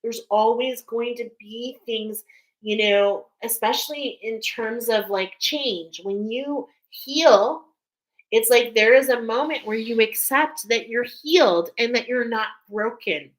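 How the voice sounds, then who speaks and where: A woman leads a spiritual card reading for her viewers at an unhurried, drawn-out pace. She wanders through her thoughts with many fillers and checks in often with the listener. Her talk turns open and emotional as she goes. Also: on the high side, rough recording.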